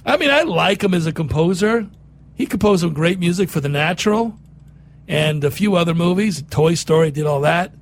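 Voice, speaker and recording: Expressive and gravelly, the man's fairly high-pitched voice moves at a normal speed. He's a radio talk-show host doing casual commentary, mocking things sarcastically and laughing a lot.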